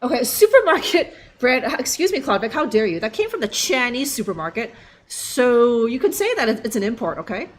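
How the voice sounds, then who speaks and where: A woman's voice: a little high, big pitch swings, fairly quick. A young woman streaming a game live, joking and rambling with lots of fillers. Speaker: livestream gamer. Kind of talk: casual live gameplay commentary.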